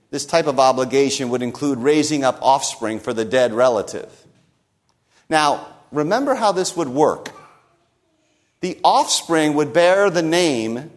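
A man preaching a conversational sermon, explaining the text with wry humor and rhetorical "right?" check-ins. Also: on the high side. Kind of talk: expository sermon.

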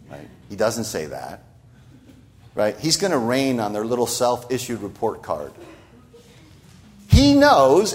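A man preaching a sermon in a conversational way, often adding "right?" asides. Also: a little high. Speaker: pastor.

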